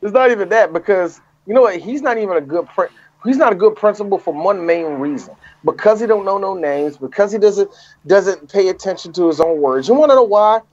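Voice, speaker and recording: A man's voice: sits high, lively intonation, a little fast, darkish tone, dull audio. A man co-hosting a casual podcast, emphatic and teasing, repeating himself for effect. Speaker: podcast co-host. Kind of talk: casual chat.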